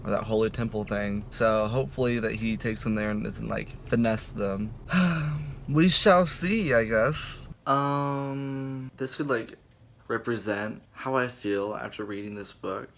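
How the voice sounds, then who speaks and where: Young male book vlogger with a gravelly voice, casual and dramatic. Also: on the low side, steady tone, normal speed, slight background noise. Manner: chatty, dramatic, filler-heavy. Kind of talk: casual reading vlog.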